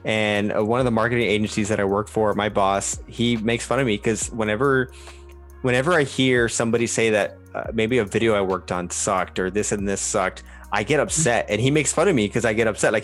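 A man hosting a casual interview, talking in a rambling, animated way with many fillers and restarts. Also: lowish voice, a little fast, faint music behind. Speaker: podcast host.

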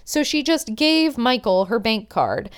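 A young woman recapping a reality show in a casual, opinionated chat, full of "like." Her voice is smooth and clear and sits fairly high. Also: big pitch swings, a little slow. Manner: chatty, opinionated, many "like" fillers.

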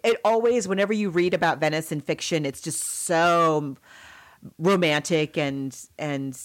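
Woman, lowish pitch, chatty, book discussion, mock quoted voices. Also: a little slow.

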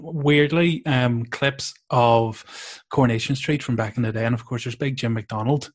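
A man talking in a casual podcast chat from his own studio. His voice sits at a middling pitch, and he pauses often with fillers and small stumbles. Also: steady tone. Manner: hesitant, many fillers and stumbles. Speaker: podcast guest and stand-up comedian.

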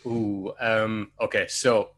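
A man's voice: on the low side, level tone, takes it slowly, fairly bright tone. A man co-hosting a casual podcast, retelling film scenes in a chatty way and laughing often. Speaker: podcast co-host. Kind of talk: casual chat.

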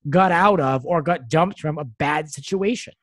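Chatty co-host, opinionated, casual podcast banter, mid pitch, very dry close mic. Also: no room sound. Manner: chatty, opinionated, quick asides. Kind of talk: casual chat recapping reality TV.

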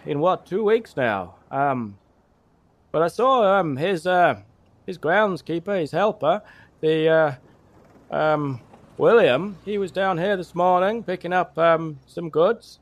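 A man doing a rambling gravelly village gossip. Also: on the high side, animated, slow. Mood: gossipy. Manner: rambling, stammering, full of restarts. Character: chatty rural man giving directions, gossipy.

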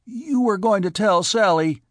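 A man reading an audiobook, voicing a small, hot-tempered young man in shrill, bitter bursts. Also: slow pace, darkish tone, no room sound, studio quality. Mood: furious.

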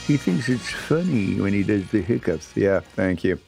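A man's voice: lowish voice, sing-song, normal speed, creaky, darkish tone, faint music behind. A man hosting a radio talk show in a studio, chatting casually in a rambling, self-mocking way. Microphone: studio microphone.

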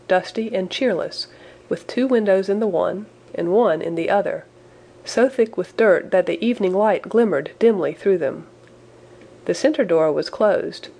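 A woman narrating a classic story in the first person, with measured, expressive storytelling. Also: on the low side. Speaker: audiobook narrator.

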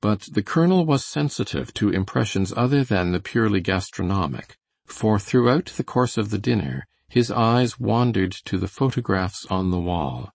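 A man reading a novel aloud in measured, scripted narration. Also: fairly low pitch, darkish tone, no echo. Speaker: audiobook reader.

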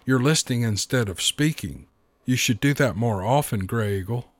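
A man's voice: medium pitch, normal speed, dry recording, close to an everyday voice. A man voicing Raven, a mocking spirit bird. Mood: scolding. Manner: scolding, mocking, impatient. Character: sardonic, irritable male raven spirit messenger.

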